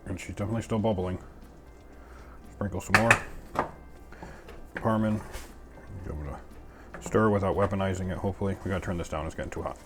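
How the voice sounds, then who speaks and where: A man's voice: low voice, steady tone, fairly quick, long pauses, heavy background noise. A man hosting a casual cooking video, chatting in a goofy, self-mocking way as he makes a sauce in his home kitchen. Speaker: cooking channel host.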